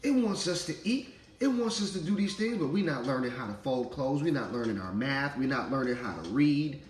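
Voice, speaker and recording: Animated fatherly man preaching, echoey room. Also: mid-range voice, brisk, soft background music. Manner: animated, preachy, laughs while talking, acts out voices. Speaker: spiritual vlogger, father. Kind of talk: casual spiritual monologue.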